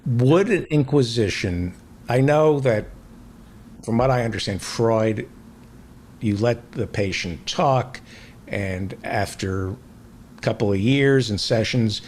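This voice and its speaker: A man's voice: medium pitch, takes it slowly, darkish tone, a little hiss or hum. A male host in casual chat, asking rambling questions with many restarts.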